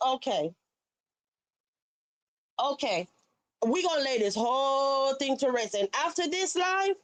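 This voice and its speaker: A woman's voice: high voice, no echo, rough recording. A woman hosting a livestream, talking emphatically and passionately straight to her viewers. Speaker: livestream host. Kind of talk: heated livestream commentary.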